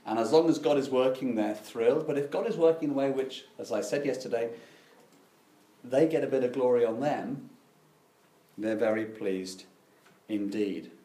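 A man's voice: mid-range voice, moderate pace, long pauses, dark tone, roomy sound. A middle-aged man preaching a sermon, telling stories with dry, self-deprecating irony.

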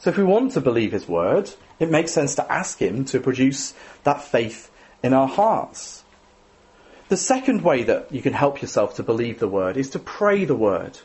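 A man delivers a sermon with an easy, conversational manner, tossing in tag questions and gentle self-deprecating asides. His pitch sits in an ordinary middle register but moves around a great deal, rising and falling expressively as he talks. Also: sing-song, normal speed. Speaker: preacher.

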